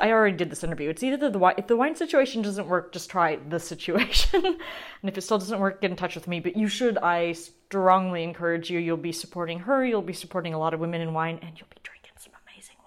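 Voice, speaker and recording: A woman hosting a wine podcast, opening with a playful, self-deprecating chat to her listeners. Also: mid-range voice. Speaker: podcast host. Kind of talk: casual chatty intro.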